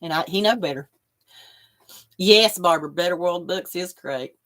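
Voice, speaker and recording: A woman hosts a relaxed livestream and chats with viewers as she goes. She rambles easily from one thought to the next and stops to answer comments as they come in. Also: lowish voice, moderate pace. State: coughing after choking on water. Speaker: livestream host. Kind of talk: casual chat with live viewers.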